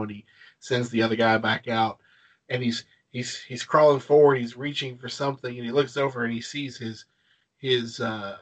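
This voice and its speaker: A man with a husky, slightly breathy voice chats about films on a podcast. He retells scenes at length and with enthusiasm, stumbling and restarting as he goes. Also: mid-range voice, a bit bright, rough recording. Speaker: podcast co-host. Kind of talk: casual film-discussion chat.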